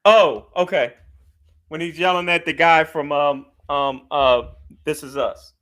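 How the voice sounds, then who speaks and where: Joking and animated, this male podcast co-host laughs readily during casual banter. His pitch is fairly high, and he never seems rushed.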